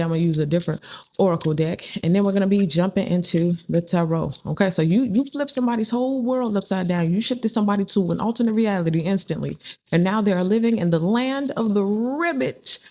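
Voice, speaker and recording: A woman's voice: mid-range voice, dark tone. A woman giving a casual spiritual tarot reading, chatty and repetitive, often acting out the people she describes. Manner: chatty, repeats phrases, acts out quoted people. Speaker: tarot reader.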